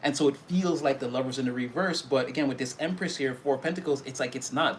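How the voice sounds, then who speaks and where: A man's voice: mid-range voice, slight background noise. Rambling man giving a tarot reading. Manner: rambling, loose, full of fillers and restarts. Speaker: tarot reader. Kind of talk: casual spoken tarot reading.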